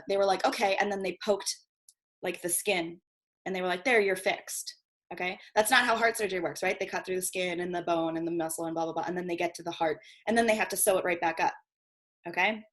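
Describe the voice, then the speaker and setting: A woman's voice: on the low side, fairly bright tone. A woman teaching a marketing workshop over a video call, chatty and casual, swearing freely and checking in with "okay?" again and again. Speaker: guest marketing coach.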